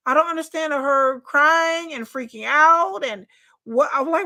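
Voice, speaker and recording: A woman with a high-pitched, pushed and bright voice speaks at a measured pace. As a reaction commentator, she gives casual, incredulous commentary on a reality show in a colloquial drawl, laughing often.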